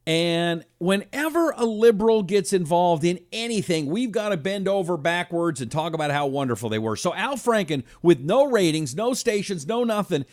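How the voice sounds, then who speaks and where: A man hosts a live talk show, talking with an animated, emphatic push and reading viewer comments aloud. His voice sits a little high for a man. The sound is dry and close, with no room in it. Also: moderate pace, hardly any pauses, no echo.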